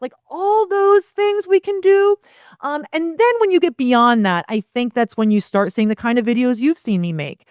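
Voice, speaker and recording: A woman's voice: fairly high pitch, fairly quick, no echo, studio quality. A woman talking energetically as a podcast guest, acting out example messages as she explains. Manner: energetic, animated, acts out quoted lines. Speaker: guest, property management founder. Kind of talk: casual interview chat.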